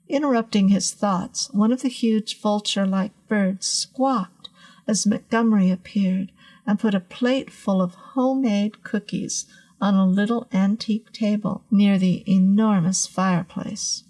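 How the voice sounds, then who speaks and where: A woman narrating a horror story in a measured, suspenseful way. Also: medium pitch, fairly even intonation, warm tone.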